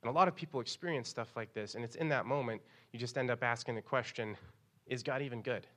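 A young man preaches a sermon in a bright, forward voice. He talks casually and animatedly, leaping up in pitch whenever he acts out what someone said. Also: fast. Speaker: pastor.

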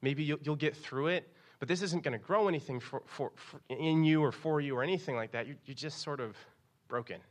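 A young man preaching a sermon, reading scripture and telling a personal story, acting out quoted lines in a raised, animated voice. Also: fairly high pitch, a little fast. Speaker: pastor.

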